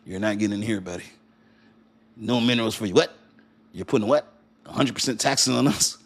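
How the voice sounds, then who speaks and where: A man doing a gruff, scolding gatekeeper voice with a put-on Texan twang, low and dismissive. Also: fairly quick. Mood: taunting.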